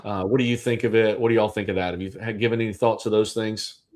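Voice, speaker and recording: A man's voice: lowish voice, fairly even intonation, fast talker, a little mellow. A man, co-hosting a livestream in casual chat and talking in loose, rambling sentences with restarts. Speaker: livestream co-host.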